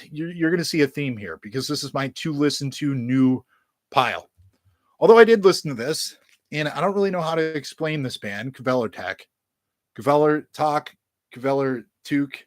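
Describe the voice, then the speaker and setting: A man's voice: fairly high pitch, no room sound. A man in a casual vlog, reviewing albums from his collection in a crude, joking, self-mocking way, rambling with lots of fillers and swearing.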